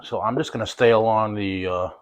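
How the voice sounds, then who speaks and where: A fairly low-pitched man hosts a casual cooking demonstration. He sounds enthusiastic and folksy as he chats with his viewers. His delivery stays relaxed and conversational. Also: a little fast, smooth. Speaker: cooking show host.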